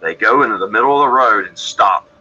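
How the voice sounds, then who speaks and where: Man, deep voice, bright forceful tone, rambling matter-of-fact storyteller, slightly muffled recording. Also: fast, a little hiss or hum. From Georgia, USA. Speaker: guest describing encounters. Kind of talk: casual storytelling on a podcast.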